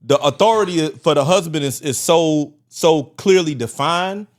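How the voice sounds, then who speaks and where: Measured man steering a podcast chat. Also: fairly high pitch. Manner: measured, guides the discussion. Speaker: podcast co-host. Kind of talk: casual conversation.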